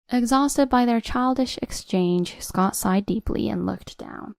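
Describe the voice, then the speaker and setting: A woman narrating a first-person revenge drama story in a steady, cold storytelling voice. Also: fairly high pitch, a little slow, creaky, dry recording, clean studio sound.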